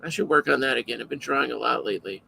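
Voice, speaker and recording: A man's voice: mid-range voice, rapid-fire, creaky, bright, forceful tone, slight background noise, poor audio. A man hosting a live podcast alone, chatting casually in a rambling, self-interrupting way. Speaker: podcast host.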